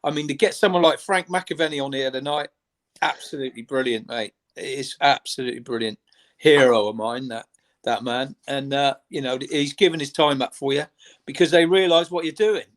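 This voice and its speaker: A man's voice: medium pitch, a little fast. A man on a live stream chat, earnestly praising a friend's progress. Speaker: guest on a live watchalong stream. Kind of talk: casual chat.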